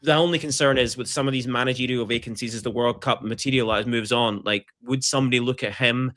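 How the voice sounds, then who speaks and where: A Scottish man co-hosting a podcast in casual chat, animated and joking, swearing freely. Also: medium pitch, fast. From Scotland. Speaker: podcast co-host.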